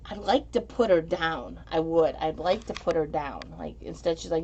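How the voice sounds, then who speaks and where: A woman's voice: low voice, animated, normal speed, hardly any pauses, a little mellow, muffled recording, slight background noise. A woman hosting a casual livestream from home, rambling and giggly, often tripping over her words as she reads the chat. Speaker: livestream host reading chat.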